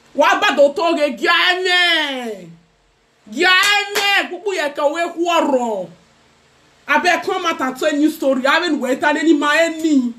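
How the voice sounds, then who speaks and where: A young Nigerian woman vlogger giving a mocking gossip commentary rant in a taunting, sing-song way. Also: high voice.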